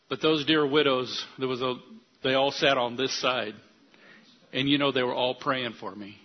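An older man, a pastor, preaching an earnest sermon that rises to loud declarations. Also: medium pitch, muffled recording.

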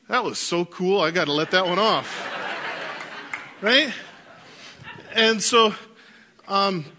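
A man preaching a sermon, telling lively childhood stories and laughing through them. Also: high voice. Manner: animated storyteller, laughs through anecdotes. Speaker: pastor. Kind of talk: sermon with storytelling.

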